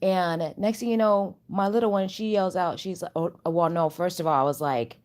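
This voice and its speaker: Woman, low voice, casual vlog, slangy, rambling, animated. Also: moderate pace. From Chicago area. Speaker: channel host. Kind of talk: casual spiritual vlog chat. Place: home.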